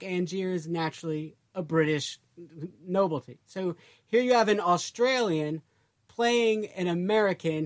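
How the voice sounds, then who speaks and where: A man co-hosting a podcast in casual chat, talking loosely with lots of "like" and trailing phrases. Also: high voice. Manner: chatty, trails off, many fillers like "like". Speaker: podcast co-host.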